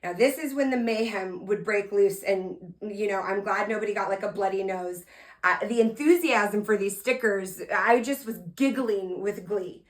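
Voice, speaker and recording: A woman podcast host telling a story from her talk to students in an energetic motivational style, with sudden loud emphasis, soft earnest asides and direct questions to her listeners. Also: mid-range voice, normal speed. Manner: talks to listeners directly, asking them to respond.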